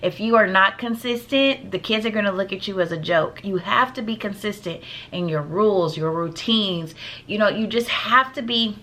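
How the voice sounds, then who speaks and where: Woman teacher talking straight to camera, bright ringing voice, chatty and emphatic, keeps saying y'all. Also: mid-range voice, moderate pace. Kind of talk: casual advice vlog.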